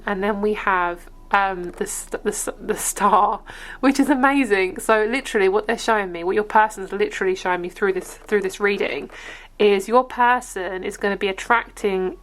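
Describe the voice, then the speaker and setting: A woman's voice: mid-range voice, a bit bright. A young woman with an English accent gives a casual, rambling tarot reading to camera in an upbeat, chatty way. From England. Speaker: tarot reader.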